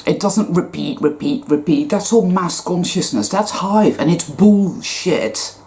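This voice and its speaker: Low, dark-toned woman, blunt and profane, ranting emphatically about spirituality. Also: a little slow. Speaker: spiritual vlogger.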